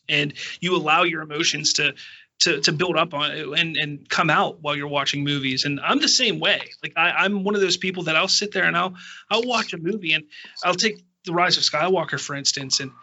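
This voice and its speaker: A man's voice: fairly high pitch, pushed and bright, lo-fi sound. A man hosting a podcast, talking earnestly and from the heart, stammering through restarts. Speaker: podcast host. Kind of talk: casual chat.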